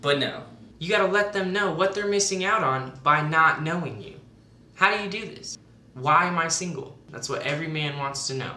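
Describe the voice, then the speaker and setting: A woman's voice: deep voice, animated, moderate pace, sharp tone, roomy sound. A woman narrating satirical mock dating advice in a sarcastic, mock-authoritative tone.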